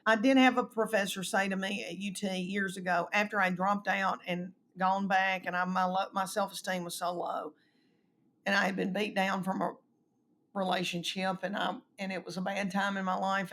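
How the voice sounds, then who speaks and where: A woman's voice: medium pitch, normal speed, a little hiss or hum. Folksy Southern woman telling stories. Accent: Southern US, East Tennessee. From Tennessee, US South. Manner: animated, folksy storyteller who acts out quotes. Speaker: guest comedian. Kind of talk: storytelling in a casual chat.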